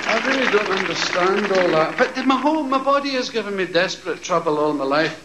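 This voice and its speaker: Man, stand-up comic, high-pitched voice, profane storytelling, echoey hall, loud laughing crowd. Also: fairly quick, very noisy. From Scotland. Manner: profane, animated storytelling with shouted impressions. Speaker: stand-up comedian. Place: large theatre stage.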